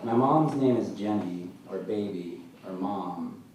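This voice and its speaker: A man as an author at a live literary reading, telling his story in a dry, deadpan way, recorded from far off in a large hall. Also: low-pitched, slow pace. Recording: echoey hall, mic far off, faint noise.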